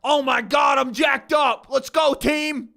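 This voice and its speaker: A man voicing a cocky young football punter who gloats in shrill, mocking shouts. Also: steady tone, slow, creaky, full character voice. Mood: gloating, mocking.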